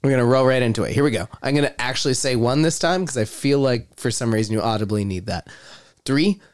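A man's voice: medium pitch, animated, fast. A man playing an exasperated producer in an improvised comedy bit. His voice swings up and down as he counts people in and calls for one more take. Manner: bossy, exasperated, directing takes. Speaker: podcast host playing a producer.

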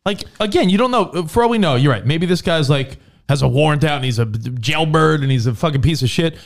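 A man co-hosting a podcast in casual chat, arguing his point with swearing and quick jokes. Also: fairly high pitch, lively intonation. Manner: argumentative, profane, quick jokes. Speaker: podcast co-host.

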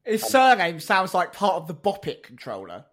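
A man's voice: high-pitched, wildly swooping pitch, normal speed, fairly bright tone. Guy joking around on a podcast, voice bounces all over, goofy asides. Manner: playful, jokey, silly asides. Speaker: podcast co-host. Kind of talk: casual chat.

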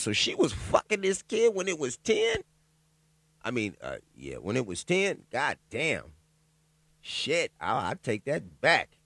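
A man delivers a profane, joking solo commentary, his pitch leaping high and dropping low as he riffs. He stops now and then to read a news item aloud in halting bits. The sound is dry and close, with no room echo. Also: husky. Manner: loud, profane, animated riffing with laughs and asides; reads news out loud haltingly. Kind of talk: casual profane commentary monologue.

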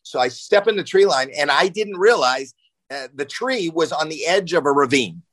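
A man in his sixties, a podcast guest telling a long, animated anecdote and acting out panic in it. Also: on the high side, moderate pace, dry recording, low-quality recording. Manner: excitable, acts out panic and shouting in anecdotes. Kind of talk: animated storytelling.

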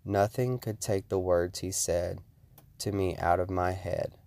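Deep-voiced man narrating a horror story. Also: measured pace, vocal fry. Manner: steady storytelling delivery. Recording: music playing behind the voice.

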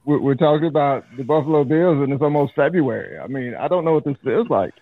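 A man on a podcast, chatting football casually, stammering and swearing excitedly. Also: on the high side, quick pace, narrow, tinny audio. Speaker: podcast co-host. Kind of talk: casual chat about football.

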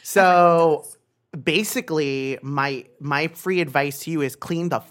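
Low-voiced woman ranting, swearing a lot, emphatic. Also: slow. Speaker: podcast co-host. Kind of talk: casual chat.

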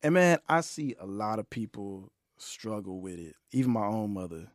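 Laid-back male podcast host, low voice. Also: moderate pace, dry recording, studio quality. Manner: relaxed, warm questioning with slang and fillers. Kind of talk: casual interview chat. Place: recording studio.

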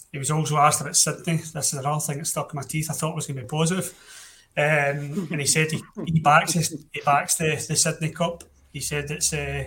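A man's voice: fairly high pitch, a bit bright, slight background noise. A young Scottish man hosting a casual football podcast, blunt and opinionated, often restarting his sentences. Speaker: podcast host.

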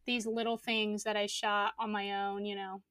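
A woman co-hosting a casual podcast chat, relaxed and full of fillers. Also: medium pitch, moderate pace, no room sound, clean studio sound.

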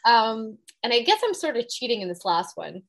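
A woman's voice: a little high, sing-song, moderate pace, gravelly. A woman in her thirties, a dietitian guest on a podcast, speaking in an earnest, reflective way. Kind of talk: casual interview chat.

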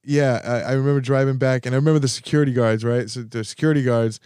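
A man co-hosting a casual chat, telling stories in a profane, animated way. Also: mid-range voice, fast, smooth, no room sound, clean studio sound.

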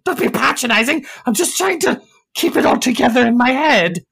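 A man voicing a crude, irritable male vampire with a stitched-open face, speaking in a slow, raspy, cursing way. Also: very high voice, expressive, fairly bright tone, pitched above the performer's own voice, heavily acted. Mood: irritated.

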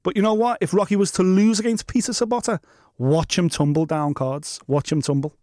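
A man co-hosting a sports podcast, animated and ranting in casual chat. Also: high voice, brisk, dry recording, clean studio sound. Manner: animated, ranting, does impressions. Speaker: podcast co-host.

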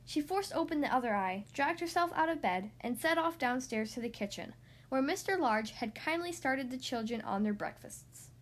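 A woman reads a children's picture book aloud, narrating with an expressive, animated lilt. Her voice is notably high. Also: normal speed. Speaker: reader. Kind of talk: reading a storybook aloud.

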